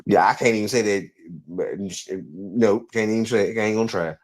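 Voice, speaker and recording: A man's voice: lowish voice, fairly quick. A man co-hosting a podcast in heated casual chat, speaking African American English in a profane, blunt way that turns defensive when pushed. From United States. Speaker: podcast co-host.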